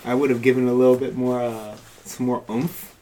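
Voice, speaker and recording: A man's voice: mid-range voice, little pitch movement, a little fast, mellow, rough recording. A man co-hosting a casual chat, dry and sardonic.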